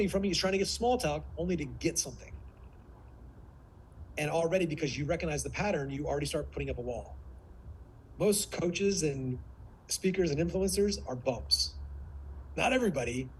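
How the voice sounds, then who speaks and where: Animated male speaking coach, slightly high voice. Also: a little hiss or hum, poor audio. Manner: shifts vocal tones to demonstrate, drops to near whisper. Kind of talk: live online workshop teaching.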